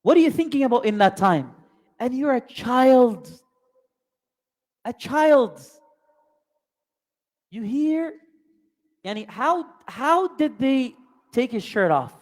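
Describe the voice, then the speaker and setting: Speaking slowly with long pauses, this Islamic teacher uses a very high, animated voice to tell stories during a religious lesson. He asks many rhetorical questions and mixes in Arabic terms, all under a long hall reverb.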